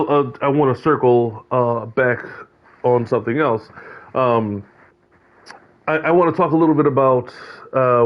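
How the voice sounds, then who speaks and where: Rambling man giving a casual gaming rant. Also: mid-range voice. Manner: rambling, many fillers and restarts. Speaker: host of a video game league check-in. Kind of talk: casual commentary monologue. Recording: dull lo-fi sound.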